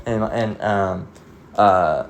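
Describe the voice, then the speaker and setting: Swearing rambling dude preaching, does little voices for people, faint background hum. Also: male voice, low voice, drawn-out words, vocal fry. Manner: profane, rambling storytelling; acts out voices in quoted dialogue. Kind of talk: casual sermon monologue.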